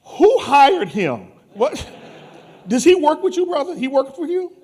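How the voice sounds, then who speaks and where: Animated, teasing male conference host. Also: very high voice. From New Orleans. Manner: teasing, animated, quick jokes. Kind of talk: playful stage banter with audience. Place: conference hall stage.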